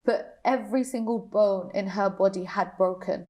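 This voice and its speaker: A young woman on a panel, sharing a personal story of grief in a halting, emotional way with many restarts. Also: mid-range voice, darkish tone. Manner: emotional, halting, repeats herself. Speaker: panel guest.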